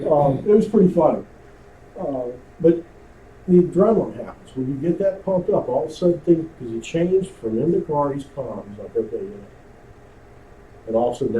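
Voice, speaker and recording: A man's voice: medium pitch, warm tone, dull audio. A man teaching a radio communications class at a club meeting, talking conversationally and quizzing the room. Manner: conversational, asks the room questions. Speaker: amateur radio instructor. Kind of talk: classroom lecture with audience questions. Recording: roomy, distant, faint hiss.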